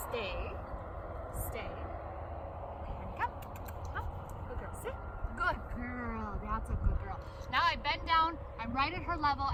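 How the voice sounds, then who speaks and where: A woman with a high voice gives upbeat commands to a young dog and explains each step as she goes. She is caught from some distance on an outdoor recording. Loud ambient noise and passing traffic sit under her voice. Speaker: dog trainer. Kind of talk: outdoor training demonstration.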